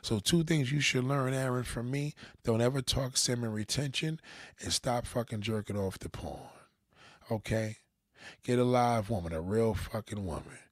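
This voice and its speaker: A middle-aged man of medium pitch and normal speed lectures viewers on dating in a crude, profane, preachy way. He swears constantly, especially "goddamn," and drops into other people's voices, all in a clean studio recording with no room sound.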